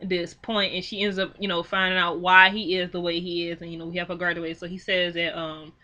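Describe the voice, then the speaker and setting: A young woman giving a casual film recap, animated and exclaiming, acting out the characters' lines in quick quoted bits. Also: lowish voice, highs cut off. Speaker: film reviewer. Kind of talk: casual movie recap and commentary.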